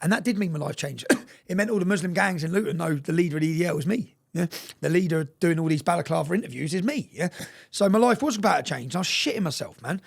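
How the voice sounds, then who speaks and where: Fairly high-pitched, creaky, and slightly rough, this man talks quickly and animatedly. He's an interview guest recounting his story, emphatic and profane, repeatedly asking his listener "yeah?"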